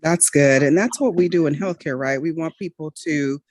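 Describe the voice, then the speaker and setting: Low-pitched woman host, encouraging casual podcast chat, dry close mic. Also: normal speed, darkish tone, dry recording.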